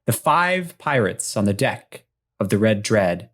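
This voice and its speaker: A podcast co-host narrating an improvised adventure story in a playful, animated way. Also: medium pitch, unhurried.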